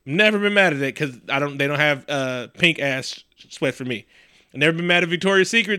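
A man co-hosting a casual podcast, telling stories in a profane, animated way and acting out the people he quotes. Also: a little high, fairly quick, clean tone, no echo, studio quality. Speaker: podcast co-host. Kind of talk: casual chat.

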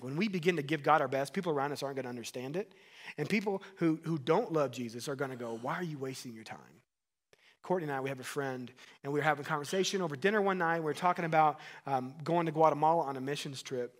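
A man's voice: on the high side, fast talker, fairly bright tone. A man in his thirties, a pastor preaching a sermon in an earnest, conversational way, asking the congregation questions and adding asides.

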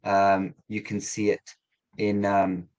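Interview guest, man, lowish voice, measured and halting with many restarts. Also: completely flat delivery, darkish tone, rough recording. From England. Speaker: guest, community coordinator. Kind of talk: conversational interview.

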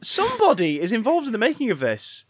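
A man co-hosting a podcast, chatting casually, swearing freely and getting loudly excited as he goes. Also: very high voice, quick pace, husky, dry recording, studio quality. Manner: animated, swears freely, breaks into exaggerated excited outbursts. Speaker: podcast co-host.

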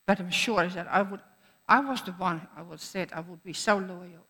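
A woman's voice: on the low side, moderate pace, a bit bright, breathy edge. A woman preacher giving a sermon in an earnest manner, repeating phrases for emphasis. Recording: echoey hall.

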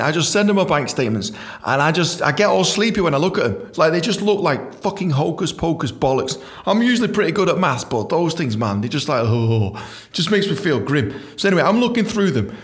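Sweary man telling a comic story. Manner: sweary, laughs often, jumps into high squeaky voice when acting himself out. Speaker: comedian reading his memoir. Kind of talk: casual storytelling with read-out chapter.

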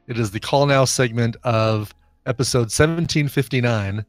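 A man's voice: mid-range voice, normal speed, no room sound. A man co-hosting a podcast in casual chat, teasing and playful. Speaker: podcast co-host.

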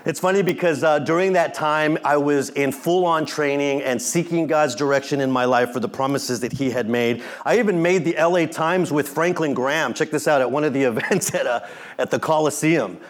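A middle-aged man, a pastor, preaching a sermon in an animated way, acting out quotes and joking with the congregation. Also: a little high, normal speed.

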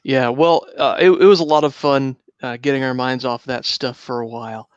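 A man of middle pitch hosts a podcast and thanks his listeners in a friendly, halting way. His voice sounds dry and a little dull, like a lo-fi recording. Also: steady tone, clean tone, no room sound. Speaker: podcast host. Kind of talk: casual podcast sign-off.

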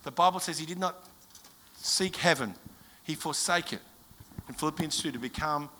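A middle-aged Australian man preaching a sermon, telling a personal story in an animated, emphatic way. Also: on the high side, moderate pace, slight background noise. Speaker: pastor.

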